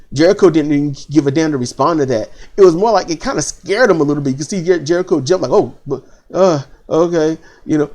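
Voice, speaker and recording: A man hosting a casual wrestling commentary, animated and opinionated, repeating phrases for emphasis. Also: on the high side. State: choked up.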